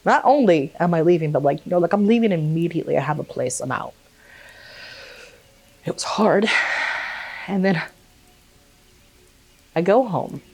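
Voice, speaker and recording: A young woman vlogger telling a personal story in a casual way, animated and swearing freely, acting out quotes. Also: lowish voice, husky.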